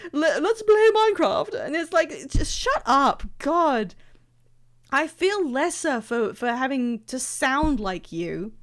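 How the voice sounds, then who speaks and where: A young British woman chatting casually and rambling as she streams a game. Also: on the high side. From Britain. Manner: chatty, rambling, self-interrupting. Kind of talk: casual live-stream chat.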